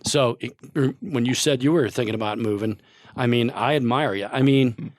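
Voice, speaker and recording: A man's voice: medium pitch, moderate pace, no room sound. An older man, a guest on a podcast, telling long rambling stories in casual chat and laughing often.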